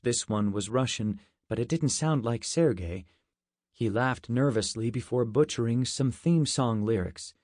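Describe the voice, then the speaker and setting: Male audiobook narrator, first-person story, medium pitch, dry close-mic sound. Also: measured pace, darkish tone, no room sound.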